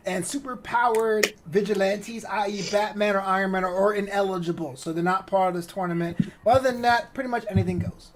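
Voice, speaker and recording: High-voiced man, laughing easy banter. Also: a little fast, hardly any pauses, a little hiss or hum. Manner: laughs easily, relaxed slang. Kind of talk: casual livestream banter.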